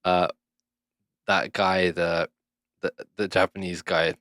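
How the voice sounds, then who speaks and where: Lively low-voiced podcast host, man. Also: slow, no room sound, clean studio sound. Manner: animated, swears freely, laughs often. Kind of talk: casual chat. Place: lives in Japan.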